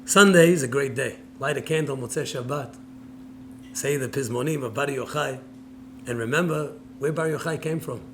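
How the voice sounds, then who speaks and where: A man, a rabbi, preaching a sermon as an animated story, acting out the dialogue, swinging between loud and soft, with Hebrew words mixed in. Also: medium pitch, normal speed, background noise.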